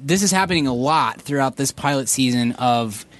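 A man from Texas co-hosting a casual podcast, sarcastically complaining about TV shows in an animated way. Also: mid-range voice, normal speed, noisy background. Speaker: podcast co-host. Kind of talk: casual chat reviewing TV pilots.

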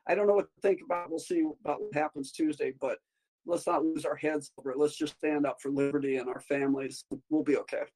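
A woman's voice: sits low, steady tone, fast, dark tone, poor audio. A woman appearing as a guest doctor in a casual interview, talking in a chatty, meandering way that jumps between topics.

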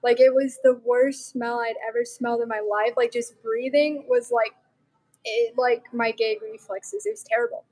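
A young adult woman from Montana, a guest telling a personal faith story in an animated, casual way, with lots of "like". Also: on the high side, moderate pace, poor audio. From Montana, USA. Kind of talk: personal testimony in casual chat.

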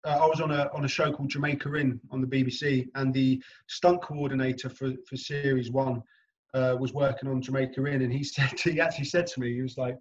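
A man's voice: medium pitch, quick pace, muffled recording, a little hiss or hum. A young man, an actor guest, chatting casually in an interview and telling anecdotes with frequent laughs. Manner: animated anecdotal storyteller, laughing often.

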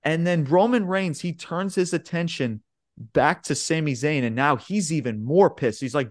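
Male podcast co-host, hyped rambling recapper, swears a lot, slightly high voice. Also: a little slow, no room sound, clean studio sound. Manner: excitable, swears often, says "bro" and "man"; rambling play-by-play retelling. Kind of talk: casual chat.

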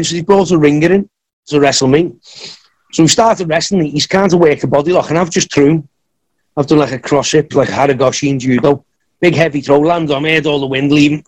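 A man spins a long story in a relaxed interview, his voice sitting a touch high for a man. He jumps into the voices of the people in his tale, then drops back to his easy storytelling tone. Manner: animated anecdotes, acts out others' lines. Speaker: podcast guest, wrestler. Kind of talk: casual storytelling.

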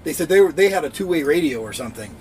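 A man's voice: on the high side, expressive, racing, a little mellow, slight background noise, low-quality recording. A man co-hosting a casual podcast chat, a profane, rambling storyteller who acts out what people said. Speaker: podcast co-host.

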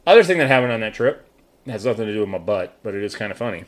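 Animated, swearing storyteller man. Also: fairly low pitch, racing. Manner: animated storyteller, swears freely, acts out voices. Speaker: podcast co-host telling a story. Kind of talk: casual chat.

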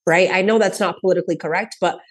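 With a husky, fairly low voice and a steady tone, this thirtysomething woman talks fast. She's a comedian guesting on a podcast, sharing casual stories, performing quotes, and often breaking into laughter.

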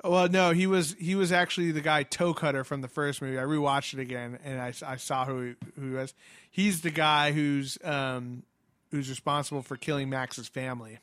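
Dude hosting a home podcast, casual chat, cusses constantly, lots of laughing. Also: male voice, a little high, steady tone, normal speed, fairly bright tone, no echo. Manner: swears often, laughs a lot. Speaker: podcast co-host. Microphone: headphones and studio mic.

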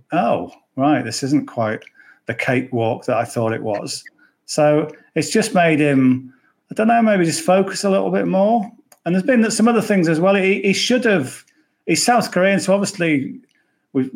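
A man with an English accent, a golf betting pundit chatting casually on a podcast, rambling with jokey asides. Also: medium pitch.

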